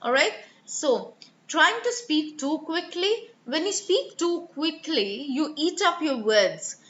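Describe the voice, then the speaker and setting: A woman's voice: sits high, lively intonation, takes it slowly, fairly bright tone, a little hiss or hum. A woman teaching a live online IELTS speaking lesson, explaining stress and sounds and demonstrating example words. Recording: echoey room, slightly dull sound.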